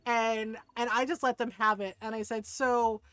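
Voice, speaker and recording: High-voiced woman streamer, chatty and animated. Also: normal speed, clean tone, no room sound, rough recording. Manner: animated storyteller, swears freely, laughs often, mimics relatives. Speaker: game streamer. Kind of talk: casual chat while gaming.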